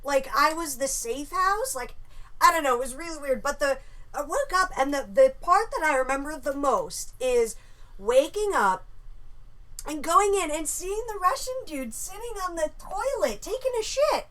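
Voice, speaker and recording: A woman casually telling a story about a dream, animated and swearing freely. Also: high-pitched, normal speed.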